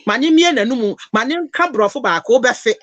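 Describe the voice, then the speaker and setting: A woman's voice: fairly high pitch, lively intonation, normal speed, fairly bright tone, no room sound. A Ghanaian woman talking passionately, mixing Twi and English in an emotional, preachy lecture. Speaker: host.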